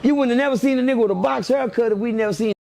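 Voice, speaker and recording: A middle-aged man, telling stories in an animated, preachy way and repeating lines for emphasis. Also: very high-pitched, very fast, gravelly. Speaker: podcast guest. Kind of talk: casual storytelling chat.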